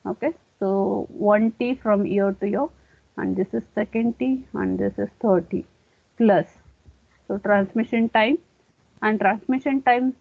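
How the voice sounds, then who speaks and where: A woman's voice: a little high, no room sound. A woman giving a classroom lecture, explaining step by step and often saying okay. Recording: dry, tinny phone-like sound.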